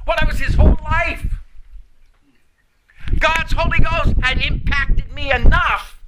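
A man's voice: extremely high pitch, fairly even intonation, slow. An older man preaching a sermon, telling a personal story earnestly and chuckling at himself now and then. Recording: noisy recording.

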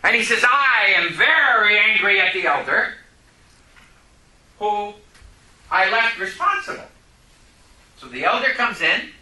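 A man preaching a sermon, telling a story and rising to loud, impassioned outbursts. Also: sits high, animated, a little slow, pauses often. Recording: echoey room.

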